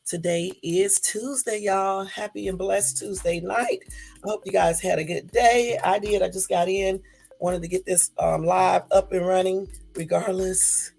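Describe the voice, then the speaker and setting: Tired, breathy woman, rambling live-stream host talking to her viewers, faint music underneath. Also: medium pitch, fairly even intonation, measured pace, darkish tone. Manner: chatty, loose and rambling, addresses viewers as y'all. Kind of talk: casual live-stream chat.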